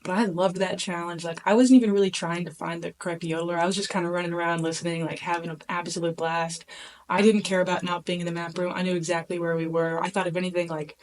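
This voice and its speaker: Woman rambling through a show recap, chatty and bubbly, lotta "like"s, lowish voice. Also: fast. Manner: chatty, animated storytelling with many "like" fillers. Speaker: podcast host recapping a reality competition. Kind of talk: casual solo talk.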